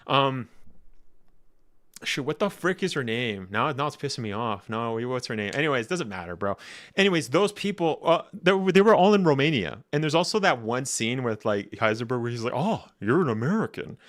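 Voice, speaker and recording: A man hosting a casual livestream, rambling and chatty, laughing often and jumping up in pitch when excited. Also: moderate pace. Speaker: livestream host reacting to game footage.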